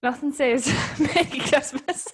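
A woman's voice: sits high, takes it slowly. Teasing woman, laughing often. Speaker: podcast co-host. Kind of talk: casual chat. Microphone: video call.

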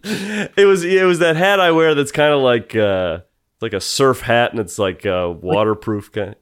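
A man's voice: mid-range voice, unhurried, clear, resonant tone. A man co-hosting a podcast, telling a story in casual chat and laughing often. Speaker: podcast co-host.

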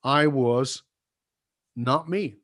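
An older man, a guest, sharing a personal story in an earnest, confessional way, his voice going soft and low at tender moments. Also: very slow. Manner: earnest, confessional, drops soft and low when recalling apologies.

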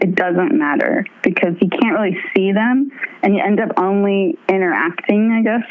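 A young woman and touring musician chatting as an interview guest, bubbly and laughing often as she tells animated stories. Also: medium pitch, a little hiss or hum. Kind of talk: casual interview chat. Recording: tinny phone-line audio.

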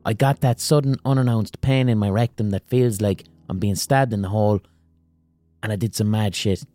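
A man hosts a podcast with a crude, animated comic monologue. His voice sits at a middle pitch, close and dry on the mic, with faint music far behind. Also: moderate pace, dry recording. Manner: crude, animated, gasping impressions. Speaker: podcast host.

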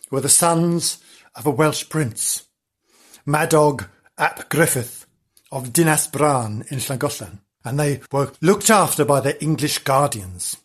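A man's voice: on the high side, breathy edge. A man hosting a comic ghost-story podcast, telling the tale in a theatrical, melodramatic way. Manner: theatrical and melodramatic, hamming up the gore.

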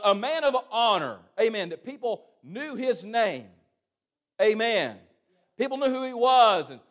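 A man preaching a sermon, folksy and dramatic, calling for amens and acting out scripture. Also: high voice.

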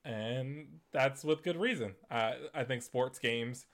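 A man hosts a gaming news show in loose, conversational commentary. He talks in a mid-pitched voice, full of fillers and restarts. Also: slow pace, a bit bright. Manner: conversational, many fillers and restarts, laughs at points. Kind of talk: casual commentary.

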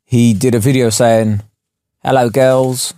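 A young man co-hosts a podcast, telling jokes and rambling, with frequent stumbles and restarts. His voice has a middle pitch, and it is picked up by a close, dry studio mic with no echo. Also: steady tone, slow pace, mellow. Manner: jokey, rambling, stammers and laughs. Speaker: podcast co-host. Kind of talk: casual chat.

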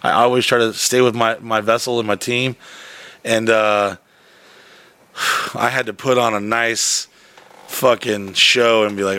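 A man's voice: on the low side, fairly even intonation, normal speed, creaky, sharp tone, no room sound. Profane rambling man telling a story. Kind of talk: casual storytelling chat.

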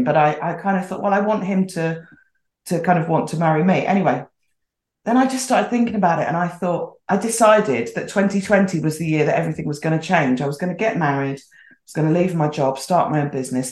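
A woman's voice: sits low, fairly quick, a little mellow. A middle-aged woman telling a story casually as a podcast guest, chatty and acting out the voices she quotes. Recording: roomy echoey sound.

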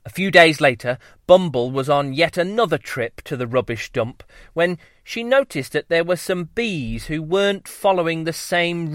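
Slow, lively man telling a bedtime story. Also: fairly high pitch, dry recording, studio quality. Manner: lively, playful, drawn-out delivery. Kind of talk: children's story narration.

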